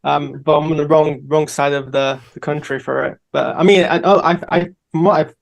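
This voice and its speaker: A man's voice: fairly high pitch, fairly even intonation, fairly quick, creaky. An English man with an English accent on a casual discussion panel, thoughtful and hesitant. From England.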